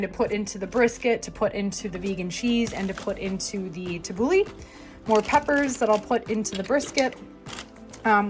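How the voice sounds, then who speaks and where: A young woman chiropractor from Minnesota, chatting enthusiastically in her kitchen as she unpacks her groceries. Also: medium pitch. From Minnesota, USA. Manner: chatty and enthusiastic, drawn-out words. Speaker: chiropractor vlogger. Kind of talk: casual kitchen vlog. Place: home kitchen.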